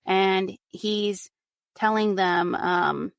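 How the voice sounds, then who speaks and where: A woman telling a true crime case on a podcast in a casual, animated way, filled with "like" and "you know". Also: mid-range voice, drawn-out words, gravelly, dry recording, studio quality. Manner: animated retelling, frequent "like" and "you know", acts out quotes. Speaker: podcast guest recounting a case.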